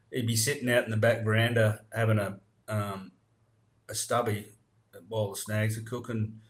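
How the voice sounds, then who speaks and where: A man with an Australian accent, hosting a podcast and explaining local slang in crude, laid-back casual chat. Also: fairly low pitch. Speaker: podcast host.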